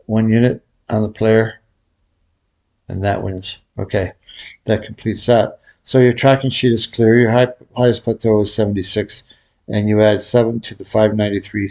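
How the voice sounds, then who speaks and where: A middle-aged man with a fairly low, darkish voice gives a casual baccarat tutorial. He rambles and jokes, laughing at his own expense, and a cracked tooth gives his speech a slight whistle.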